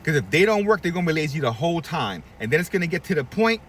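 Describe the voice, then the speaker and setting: Speaking quickly in a slightly high, sing-song and somewhat bright voice, this middle-aged man who owns a barbershop preaches blunt, profane advice to fellow shop owners, voicing the people he quotes. He's recorded from a distance with slight background noise.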